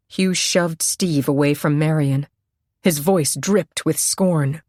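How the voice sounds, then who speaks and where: A woman narrating a suspense novel in a measured, steady storytelling voice on a close microphone. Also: low-pitched, no echo. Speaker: audiobook narrator. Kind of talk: scripted narration.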